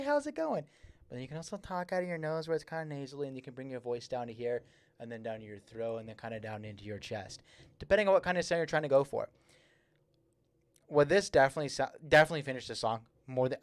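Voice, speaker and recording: Reviewing music submissions on his livestream, this young man talks fast in a mid-range voice, with no echo on the recording. His casual feedback on the song rambles, packed with fillers and repeated words. He mentions that he slurs his S's a little, and they do sound slightly slurred.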